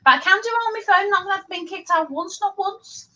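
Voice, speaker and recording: A woman chatting on a live stream, rapid and excitable, often talking over the others on her computer mic. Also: extremely high pitch, lo-fi sound. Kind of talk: casual live-stream chat.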